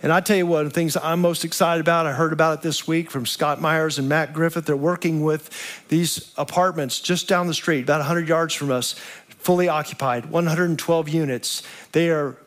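Pastor, male, high voice, chatty storytelling sermon full of rhetorical questions. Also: fairly even intonation, moderate pace. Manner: addresses listeners as friends.

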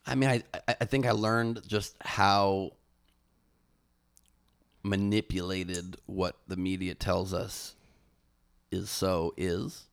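A man's voice: sits low, flat delivery, slow, creaky, pauses often, clear, resonant tone, dry recording, clean studio sound. A young man, a comedian and former candidate, telling a story in a casual interview, with many restarts.

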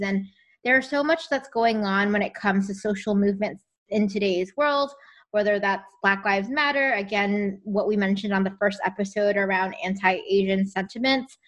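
A woman's voice: mid-range voice, fairly bright tone. A young woman co-hosting a podcast, chatting enthusiastically with casual slang. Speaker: podcast co-host. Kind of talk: casual chat.

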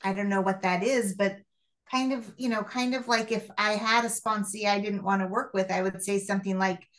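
A woman at a support meeting talks in a mid-pitched voice. She speaks tentatively and ends with a question. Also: steady tone, moderate pace.

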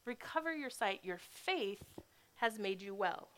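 A woman voicing a calm male teacher who speaks softly and kindly. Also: medium pitch, measured pace. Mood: gentle. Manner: soft, quiet, gentle.

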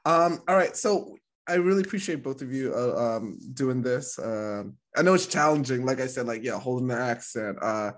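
A man's voice: mid-range voice, animated, normal speed. A man hosting a podcast in casual chat, rambling with lots of fillers and laughing often. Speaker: podcast host.

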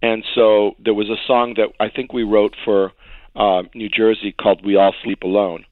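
A man, a songwriter guest in an interview, telling stories in an animated way, acting out quotes and laughing often. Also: fairly low pitch, moderate pace, dry recording. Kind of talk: storytelling interview. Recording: tinny phone-like dry sound.

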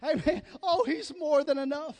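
A pastor with a Southern American accent, preaching a sermon with shouted, drawn-out emphasis. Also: male voice, extremely high pitch.

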